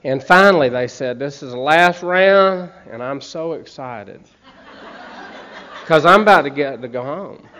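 A man's voice: mid-range voice, fairly bright tone, a little hiss or hum. A middle-aged man with a Southern US accent tells humorous personal stories to an audience in a folksy way, often checking in with "okay?" and "man". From Montgomery, Alabama. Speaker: speaker sharing a recovery story. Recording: slightly muffled recording.

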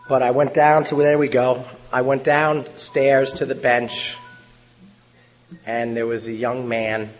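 A hoarse man, his voice worn out, giving an earnest recovery testimony at a convention, often trailing off quietly. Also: mid-range voice. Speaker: convention speaker. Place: large convention hall. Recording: reverberant hall, faint hum.

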